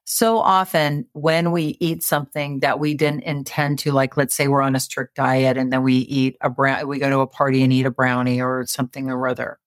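A woman's voice: very deep voice, little pitch movement, moderate pace, few pauses, no room sound, clean studio sound. A woman guest on an interview show, talking in an earnest, encouraging and self-reflective way about changing habits. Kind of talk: conversational interview explanation.

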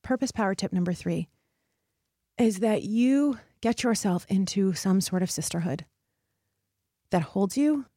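A woman at a middle pitch hosts a motivational podcast, earnest and encouraging as she talks straight to her listeners. The sound is dry and close, with almost no room around her. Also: warm tone, no room sound. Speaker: podcast host.

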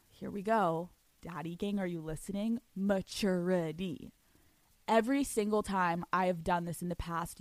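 A woman's voice: on the low side, no echo. A young woman hosting a solo podcast, telling a story in a brash, profane way with frequent laughter. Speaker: podcast host.

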